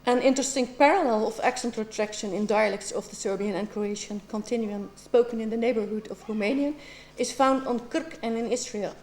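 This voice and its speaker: A woman's voice: mid-range voice, a little mellow, a little hiss or hum. A middle-aged woman asking formal, precise questions as an examiner at a doctoral defense. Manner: measured and precise, with occasional ums.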